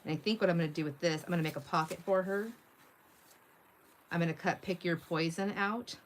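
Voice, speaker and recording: A woman's voice: on the low side, fairly even intonation, a little fast, a little hiss or hum. A middle-aged woman hosting a casual craft livestream, chatting, laughing often and reading viewer comments aloud while she works. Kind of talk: casual live-stream chat while crafting.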